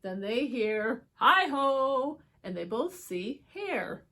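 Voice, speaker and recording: A woman reading picture books aloud to children, expressive, with chatty asides to her young viewers. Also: mid-range voice, slow. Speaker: children's book reader. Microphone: holds book up to camera.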